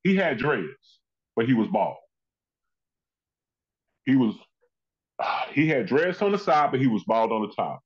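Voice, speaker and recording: A man telling stories with lively energy, slipping into other people's voices as he recounts them. His pitch sits in an ordinary middle range. The recording is slightly dull and lo-fi. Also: measured pace, long pauses. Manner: animated, acts out quoted people in his stories. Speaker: comedian and actor, guest. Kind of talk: conversational storytelling in an interview.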